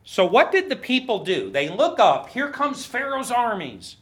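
Animated male pastor with a lively voice. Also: a little slow. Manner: animated, acts out quoted voices with big pitch jumps; self-mocking humor, laughs at himself. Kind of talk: sermon. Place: church.

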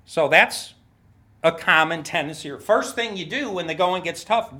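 A man preaching a sermon as a pastor, acting out quoted voices with big jumps in pitch and poking fun at himself. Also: a little slow, sharp tone. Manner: self-mocking humor, laughs at himself. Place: church.

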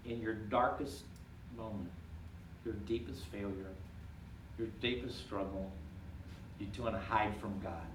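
A man preaching a sermon, rising to emphatic peaks and dropping quiet and intimate. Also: lowish voice, steady tone, unhurried, long pauses, background noise. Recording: echoey room, from far off.

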